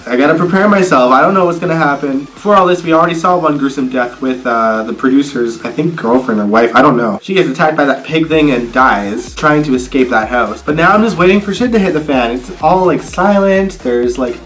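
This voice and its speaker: A man's voice: mid-range voice, animated, brisk, few pauses, a bit bright, soft background music. A man chatting casually and expressively as he reviews a TV episode, with some swearing. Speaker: TV review vlogger.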